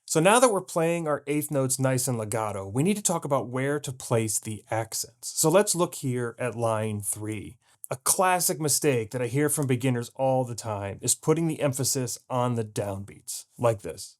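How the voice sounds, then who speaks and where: A man's voice: medium pitch, animated, normal speed. A man teaching a jazz piano lesson, explaining patiently and scatting rhythms aloud to show them. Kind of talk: video lesson.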